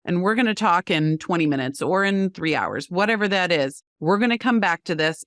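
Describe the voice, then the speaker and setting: A woman's voice: fairly low pitch, fairly bright tone, no echo, clean studio sound. A woman appearing as a parenting coach on a podcast, giving earnest advice. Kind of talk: interview answers.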